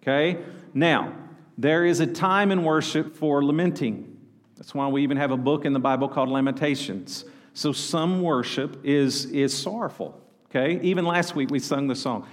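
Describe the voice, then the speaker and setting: In a church sanctuary with long hall reverb, a male pastor preaches a sermon and calls out for the congregation to respond. His voice is medium-pitched and his pace is normal.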